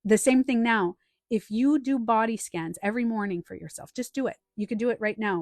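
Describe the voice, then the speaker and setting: A woman coaching viewers on a live stream from home, animated, acting out the inner voices she quotes. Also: fairly high pitch, brisk, dry recording, clean studio sound.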